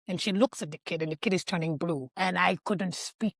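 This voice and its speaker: A woman telling a personal story on a podcast, animated and emotional, acting out the scenes she describes. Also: lowish voice, a little fast, creaky, few pauses, breathy edge, no echo. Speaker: podcast guest. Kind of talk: casual podcast chat.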